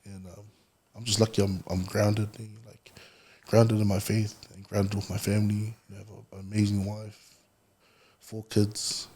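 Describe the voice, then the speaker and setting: A relaxed man, chatting as a podcast guest. His voice sits on the low side and has a husky, breathy grain. He tells stories easily and laughs often as he goes. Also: moderate pace. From New Zealand. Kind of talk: casual conversation.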